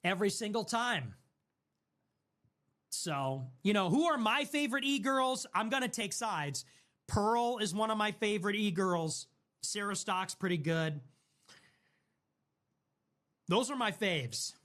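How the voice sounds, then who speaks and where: A man's voice: high-pitched, animated, unhurried, pauses often, fairly bright tone. A man streaming, ranting casually in a sarcastic, provocative way.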